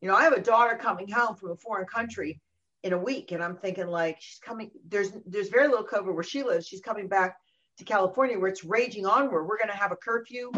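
A middle-aged woman talking about parenting in a casual conversation, animated and often acting out what other people say. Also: mid-range voice, quick pace. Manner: animated, acts out quoted voices. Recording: dull lo-fi recording.

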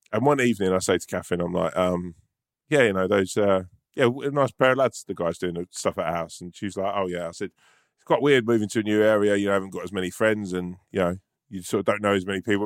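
A low-pitched man from London tells a long anecdote in loose, casual chat. He swears freely and stumbles through restarts as he goes, and the sound is close and dry with no room around it. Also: fast talker, no echo. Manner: rambling storyteller, swears freely, many restarts. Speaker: podcast co-host.

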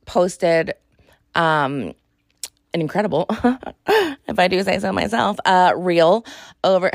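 A young adult woman hosting a podcast, talking in a sassy, exasperated, animated way. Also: fairly low pitch, slow, no echo, studio quality. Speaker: podcast host. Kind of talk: casual monologue.

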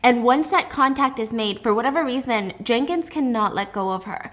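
A young woman hosting a casual book recap, telling the story in an animated way with side comments. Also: on the high side, moderate pace. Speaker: host.

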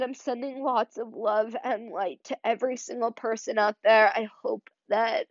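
A woman's voice: a little high, fairly even intonation, normal speed, dry recording. A young adult woman hosting a podcast, choked up and near tears, talking earnestly and rambling with lots of fillers. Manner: earnest, rambling, many "like" and "you know" fillers. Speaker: podcast host. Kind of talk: heartfelt solo podcast monologue. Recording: dry, slightly dull lo-fi sound.

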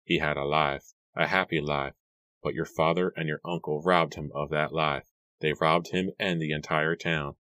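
A grave, earnest young man who speaks with steady intensity, as a male reader voices him. His voice is very deep and the recording dry and close. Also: normal speed, dry recording. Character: earnest young man seeking to end a feud.

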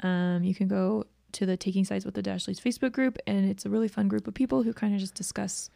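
A woman's voice: mid-range voice, steady tone, fast talker, vocal fry, mellow, no echo, clean studio sound. A young woman co-hosting a podcast, chatting casually with lots of fillers. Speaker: podcast co-host. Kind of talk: casual chat.

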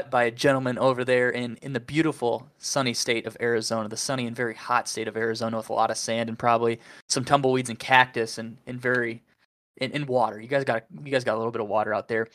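A man's voice: medium pitch, fairly bright tone. A man hosting a podcast in a loose, rambling way, swearing casually and laughing often. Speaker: podcast host.

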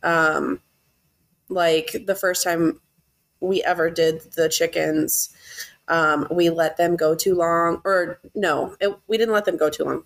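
A woman co-hosting a podcast, speaking in relaxed conversation. Her voice is on the low side, and she tells her stories with a self-deprecating touch, often laughing at herself. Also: gravelly. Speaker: podcast co-host. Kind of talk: casual chat.

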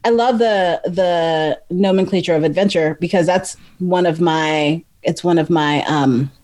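A woman's voice: lowish voice, a little slow, a little mellow. Chatty, laughing woman guest. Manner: chatty, laughs easily, loose and rambling. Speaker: guest, ultra runner and author. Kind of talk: casual interview chat.

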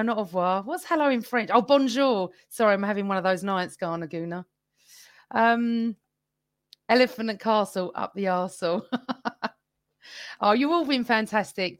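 A podcast host with a slightly high voice chats alone with fans during a live stream, reading their comments aloud in a casual way. The recording is dry.

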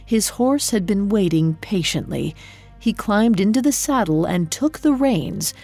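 A woman narrating a scripted storybook legend in a measured, deliberate way. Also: mid-range voice, darkish tone.

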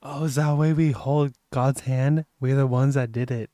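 A man's voice: mid-range voice, fairly even intonation, moderate pace, dark tone, dry recording. A man co-hosting a casual podcast, telling rambling, profane stories and laughing a lot. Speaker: podcast co-host. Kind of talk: casual chat.

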